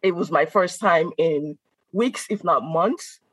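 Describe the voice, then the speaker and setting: Woman from Benin, low-voiced, animated storyteller. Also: slow, slightly rough, no echo, rough recording. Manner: animated, laughs often, acts out quoted voices. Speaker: guest, food content creator. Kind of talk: casual conversational storytelling.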